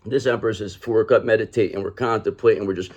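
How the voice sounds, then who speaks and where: A man's voice: fairly low pitch, fairly even intonation, fast talker, darkish tone, slightly rough, dull audio. A man giving a casual tarot reading to camera, calling the listener "brother" and repeating his points. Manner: acts out other people in mocking quoted voices. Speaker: tarot reader.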